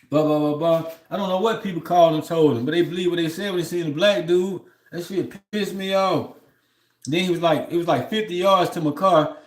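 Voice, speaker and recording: A man's voice: high-pitched, a little fast, roomy sound. A man on a livestream telling a long story in a loose, rambling way, often heated and aggrieved, with "you know what I'm saying" between his thoughts. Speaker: livestream host.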